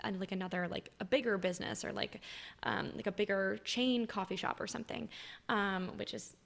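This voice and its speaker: A woman's voice: mid-range voice, fairly even intonation, a little fast, gravelly. A young woman from New York, a podcast guest chatting casually and saying "like" a lot. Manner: chatty, heavy use of "like", laughs often. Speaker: podcast guest, social media creator. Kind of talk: casual chat.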